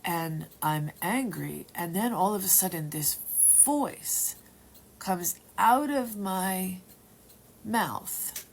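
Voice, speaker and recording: A woman at home telling a personal story in a rambling, halting way, sometimes dropping to a whisper. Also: lowish voice, expressive, vocal fry. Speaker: testimony speaker.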